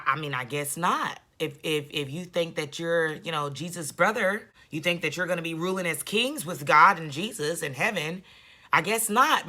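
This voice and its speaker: A woman's voice: on the low side, pushed and bright. A woman giving casual reaction commentary on a video, blunt, sarcastic and scolding, often repeating herself for emphasis.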